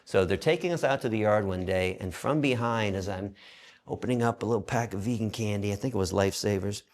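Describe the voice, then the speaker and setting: Guest, man, 50s, low gravelly voice, lively swearing storyteller. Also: quick pace. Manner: animated, profane storytelling with acted quotes. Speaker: interview guest. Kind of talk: storytelling in a conversational interview.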